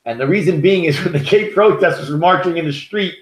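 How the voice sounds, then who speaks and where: A man's voice: a little high, fast talker. An American man co-hosting a podcast, telling stories in a heated, profane, rambling way. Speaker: podcast co-host. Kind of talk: casual opinionated podcast chat. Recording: echoey room.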